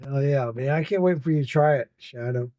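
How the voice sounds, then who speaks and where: Late at night on his casual livestream podcast, a weary host yawns as he reads out comments from the chat, laughing and swearing along the way. He talks fairly quickly in a warm, mid-range voice with no echo.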